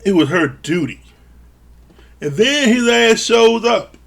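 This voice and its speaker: A man's voice: sits high, lively intonation, slow pace, gravelly, a bit bright. A man recapping a reality show in a casual, blunt and profane way, sounding exasperated. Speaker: show reviewer.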